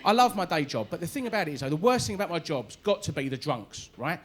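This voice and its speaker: High-voiced London comic man. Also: sing-song, fast talker. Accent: London Cockney. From East London, England. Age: 40s. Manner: punchy, chatty, tags lines with "right?". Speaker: stand-up comedian. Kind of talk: stand-up comedy set. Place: comedy club stage.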